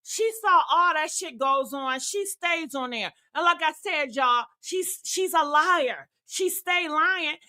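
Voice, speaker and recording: A brash, profane woman in her sixties hosting a casual commentary show. Her voice sits high and sounds bright and forceful. She talks with plenty of sass. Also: animated, slow pace, few pauses. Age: 60s. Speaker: commentary host.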